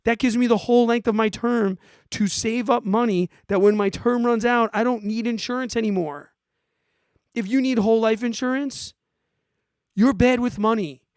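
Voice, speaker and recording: A forty-year-old man hosting a podcast, ranting in an animated, exasperated way and giving casual advice to listeners. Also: very high voice, normal speed, smooth, no echo, studio quality. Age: 40s. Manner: animated, exasperated, emphatic, swears. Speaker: podcast host answering listener questions.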